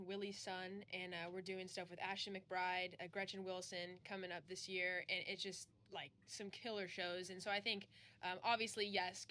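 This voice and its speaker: Young Texan woman, country artist in an interview, bright voice, chatty and bubbly. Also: mid-range voice. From Texas. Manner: bubbly, laughs often, lots of fillers. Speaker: country music artist, guest. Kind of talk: casual interview chat.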